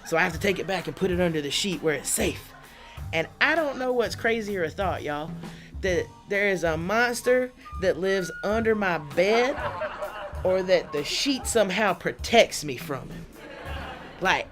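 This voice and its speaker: A woman doing a stand-up comedy set in a studio, animated and chatty, laughing often through her lines. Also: lowish voice, moderate pace, music in the background. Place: studio under lights.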